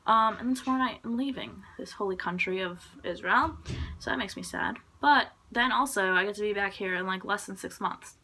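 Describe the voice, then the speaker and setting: A woman's voice: mid-range voice, brisk, pushed and bright, slight background noise. A young woman vlogging in a casual, rambling chat to her camera, full of fillers and little laughs. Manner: rambling, filler-heavy, giggly. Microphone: phone or camera propped on a suitcase.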